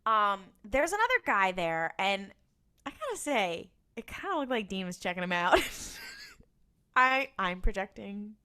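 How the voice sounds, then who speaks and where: A woman's voice: mid-range voice, very animated, measured pace, pushed and bright, clear, resonant tone. A woman co-hosting a casual rewatch podcast, retelling an episode and acting out the characters' lines with laughter. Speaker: podcast co-host.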